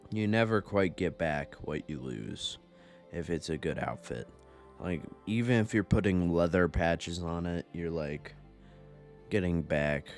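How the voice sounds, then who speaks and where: A young man giving casual, rambling gameplay commentary from home, profane and self-mocking. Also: low voice. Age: young adult. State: a bit out of breath. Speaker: gaming YouTuber.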